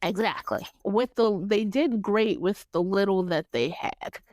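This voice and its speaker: A young woman hosting a casual TV recap chat, animated and laughing, acting out lines in playful voices. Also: mid-range voice, a little slow, no room sound. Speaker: podcast host.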